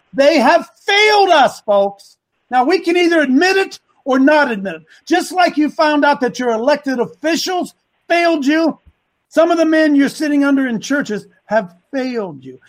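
A man hosting a men's ministry group, preaching an emphatic rant that repeats lines for stress and rises to shouts. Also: extremely high pitch, rough recording.

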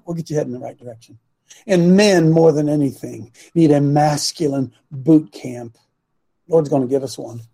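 A man hosting a talk show as a coach, preaching with passion and at times shouting. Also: high-pitched, breathy edge. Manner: impassioned, swings to shouting. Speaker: host and coach.

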